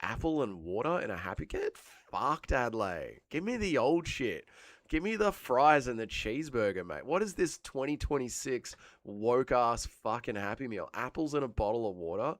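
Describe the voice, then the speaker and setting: Australian man, livestream host, has a cold, lively swooping pitch, crude rambling banter, dry close sound. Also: moderate pace, no echo. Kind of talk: casual chat reading live chat.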